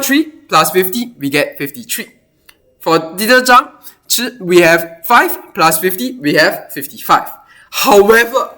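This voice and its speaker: Animated male math teacher. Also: high-pitched. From Singapore. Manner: animated, thinking aloud with exclamations. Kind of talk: explaining a worked math problem.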